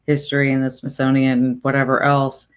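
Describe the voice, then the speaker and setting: A woman's voice: a bass voice, monotone, brisk, clean tone. A woman as a podcast guest in casual political chat, sardonic and argumentative, making her points with rhetorical questions and occasional swearing.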